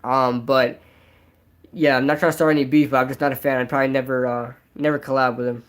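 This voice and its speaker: A young man with a nasal, high-pitched voice chats casually on a live stream. He rambles, piles on fillers like "like" and "um," and restarts his sentences. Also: little pitch movement, fast talker. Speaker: sports vlogger.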